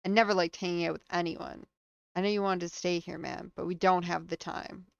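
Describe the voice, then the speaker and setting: A woman streamer commenting live on a game, reading on-screen text aloud between quick reactions. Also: on the low side, flat delivery, vocal fry, no echo, highs cut off.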